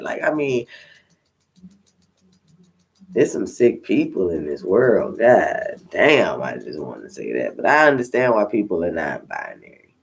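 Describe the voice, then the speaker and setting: A man's voice: low-pitched, big pitch swings, unhurried, creaky, long pauses. A tired man, a tarot reader, chatting to viewers in a candid, rambling way with plenty of swearing. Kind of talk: casual unscripted chat to viewers.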